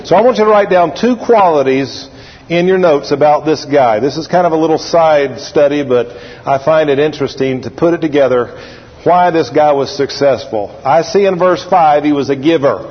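A man preaching a sermon as pastor, animated and drawling, repeating phrases for emphasis. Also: on the high side, normal speed, breathy edge. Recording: lo-fi recording with long hall reverb.

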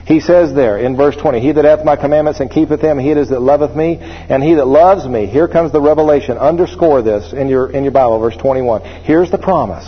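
A man preaching a sermon, working through scripture and telling humorous stories with acted voices in an animated way. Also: medium pitch, fairly quick, hardly any pauses, husky. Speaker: pastor. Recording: muffled, with long reverb of a large hall.

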